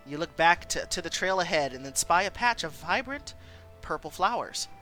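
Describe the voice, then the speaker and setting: A woman's voice: on the low side, lively intonation, normal speed, fairly bright tone, faint music behind. A woman streamer reading a story game aloud and chatting with viewers, with frequent giggles.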